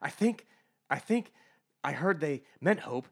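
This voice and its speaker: A man's voice: animated, unhurried. A man doing giddy gossiping young women. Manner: high-pitched mocking falsetto.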